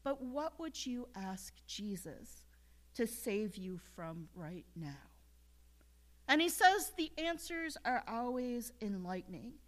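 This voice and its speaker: A woman pastor preaching a sermon in church, earnest and building to emphatic shouts as she leads the congregation in call-and-response. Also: on the high side, big pitch swings, slow.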